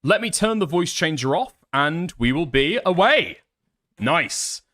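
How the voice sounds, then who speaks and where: A man's voice: fairly high pitch, very animated, measured pace, sharp tone. A man livestreaming, swearing a lot and talking to his chat while troubleshooting. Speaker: streamer.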